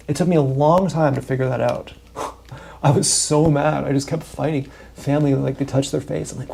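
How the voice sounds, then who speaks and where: A man's voice: medium pitch, fairly even intonation, normal speed, gravelly, mellow, a little hiss or hum. A man livestreaming a rambling, profane, meandering monologue with emphatic bursts.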